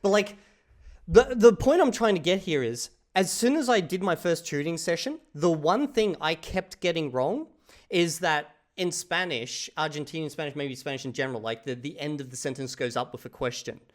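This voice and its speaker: A man's voice: fairly high pitch, animated, moderate pace. A man with an Australian accent reacting casually to a video, rambling with frequent restarts and swearing freely.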